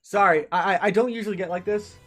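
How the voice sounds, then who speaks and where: A man's voice: sits high, fast, fairly bright tone, soft background music. A male streamer ranting angrily and profanely, stumbling over his words and restarting. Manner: heated, profane, stammering restarts. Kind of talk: angry ranting commentary.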